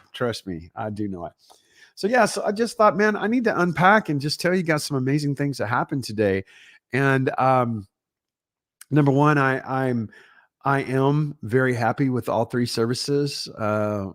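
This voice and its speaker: A middle-aged pastor with a Texan accent talks casually to his livestream viewers from home, rambling and upbeat as he greets them one by one. His voice sits at an ordinary middle pitch. The sound is dry and close, with no room echo.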